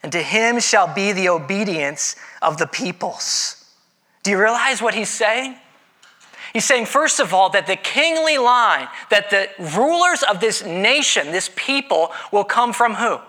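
A man preaching a sermon in a conversational way, with dramatic pauses and playful voiced asides. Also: sits high, expressive, pushed and bright. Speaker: pastor.

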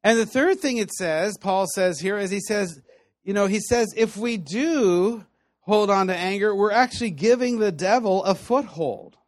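A man preaching a sermon in a conversational, animated storytelling way, laughing now and then. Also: sits high, normal speed, dry recording. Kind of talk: sermon teaching.

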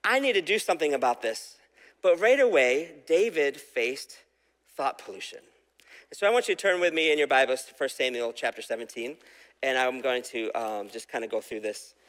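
A man's voice: medium pitch, normal speed, fairly bright tone, big-room sound. A man giving a casual, conversational sermon, retelling a Bible story and asking the audience questions. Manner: conversational, asks the audience questions, acts out quoted voices. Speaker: preacher.

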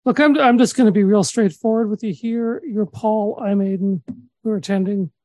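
A man from Saskatchewan co-hosting a comedy podcast, deadpan and halting with many restarts. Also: sits high, no room sound. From Saskatchewan, Canada. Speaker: podcast co-host.

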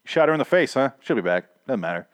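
A man's voice: mid-range voice, big pitch swings, fast, dry recording, clean studio sound. A man casually recapping a TV episode, rambling and profane, laughing at his own asides.

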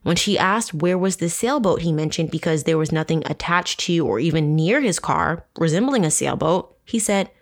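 A woman's voice: on the low side, expressive, normal speed, hardly any pauses. A woman hosting a true crime podcast, reading accounts and adding sarcastic, profane asides. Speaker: podcast host.

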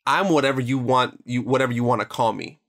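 A man co-hosting a podcast, talking through ideas in casual conversation and pausing to search for his words. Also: medium pitch, fairly bright tone. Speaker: podcast co-host.

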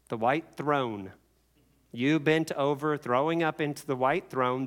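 A man preaching a sermon, telling the story with animated voices for the people in it. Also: a little high.

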